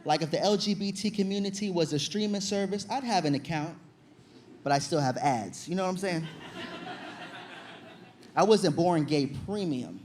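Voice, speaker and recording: A young man from Virginia performing stand-up comedy on stage, telling an animated story with loud acted-out outbursts. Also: sits high, moderate pace, pauses often, a little hiss or hum. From Virginia, USA. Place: comedy stage before an audience.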